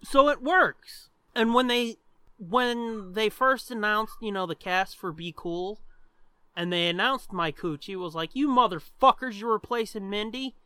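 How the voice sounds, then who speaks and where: A man co-hosting a podcast in casual chat, animated and rambling, swearing freely. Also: high voice, a little slow, clear, resonant tone, dry recording. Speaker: podcast co-host.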